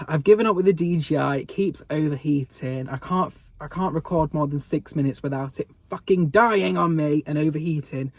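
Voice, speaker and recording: A man's voice: fairly high pitch, normal speed, no room sound. Sweary gossipy young man. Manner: sweary, gossipy, sarcastic, laughs often. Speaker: vlogger. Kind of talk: casual storytelling mukbang. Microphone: phone camera.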